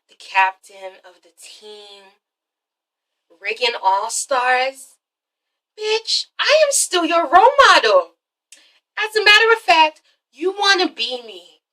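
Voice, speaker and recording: Woman doing a sly scheming schemer, low and hushed, slow taunting delivery, bright tense edge, heard from a little way off the mic. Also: very animated, distant mic, heavily acted.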